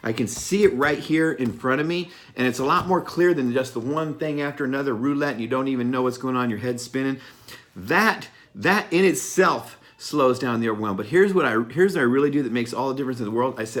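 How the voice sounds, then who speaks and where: A middle-aged man talking straight to his listeners in an unscripted motivational monologue. He is blunt and emphatic, swears freely and repeats his key points. His voice sits at an ordinary middle pitch for a man. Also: fairly quick, fairly bright tone. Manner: blunt, profane, emphatic, laughs at himself. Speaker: motivational speaker.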